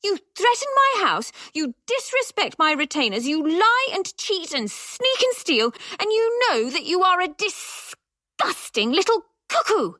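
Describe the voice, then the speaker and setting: A woman's voice: very high voice, very animated, measured pace, sharp tone, no room sound, studio quality, pitched above the performer's own voice, heavily acted. A woman voicing a haughty, cold teenage girl necromancer who speaks in icy, cutting tones. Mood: scornful.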